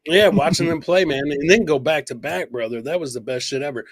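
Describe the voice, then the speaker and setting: A man's voice: a little high, fairly quick, husky, no echo. Profane laughing storyteller man. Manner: profane, laughing, acts out quoted voices. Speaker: podcast co-host. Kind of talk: casual storytelling chat.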